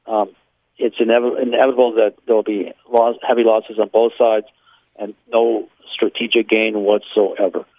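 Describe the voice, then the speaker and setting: An Israeli law professor joins a radio interview by phone from his home near Jerusalem, his low, flat voice at a moderate pace coming through a tinny, dry line. He speaks frankly and bluntly, with frequent ums and sarcastic asides.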